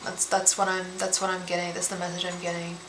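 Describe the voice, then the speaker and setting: A woman reading tarot cards on a live stream, talking gently and emotionally, often repeating and restarting her words. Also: on the low side, monotone, quick pace. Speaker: tarot reader and psychic medium. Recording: echoey room with faint background hiss.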